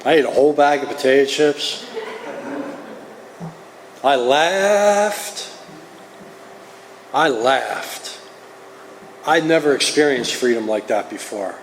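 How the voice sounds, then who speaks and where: A man's voice: medium pitch, normal speed, a little hiss or hum. New Jersey man confessing in a hall. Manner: earnest, confessional storytelling. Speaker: recovery meeting speaker. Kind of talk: personal testimony. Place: meeting hall. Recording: roomy hall, faint ambience.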